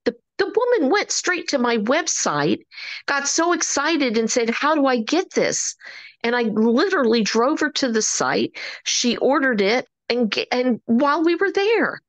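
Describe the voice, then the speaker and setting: A woman with a high-sitting voice speaks unhurriedly, with a dry, close sound and no room sound. She's a motivational speaker giving an upbeat, emphatic talk on a call, energetic and animated with preacher-like emphasis.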